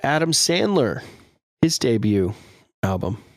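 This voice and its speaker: A man's voice: medium pitch, big pitch swings, slow, dry recording, clean studio sound. A man co-hosting a podcast in casual chat, laid-back, laughing often and saying "dude" a lot. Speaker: podcast co-host.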